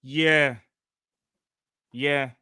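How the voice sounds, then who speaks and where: A man, co-hosting a casual live fan show, excitable and quick to laugh. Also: on the high side, clear, resonant tone, no echo. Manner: excitable, laughs a lot, London slang. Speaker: co-host.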